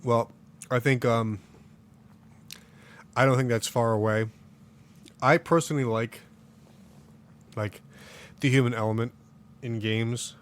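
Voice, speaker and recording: A man's voice: medium pitch, steady tone, slow, long pauses. A man hosting a casual sports podcast, opinionated and rambling, full of fillers and restarts. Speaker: podcast host. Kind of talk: casual chat.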